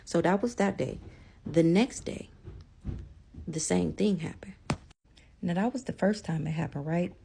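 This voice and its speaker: A woman's voice: fairly low pitch, measured pace, creaky, pauses often, dark tone, a little hiss or hum. A woman telling her own story to viewers in a casual vlog, emphatic, repeating lines for stress and swearing freely.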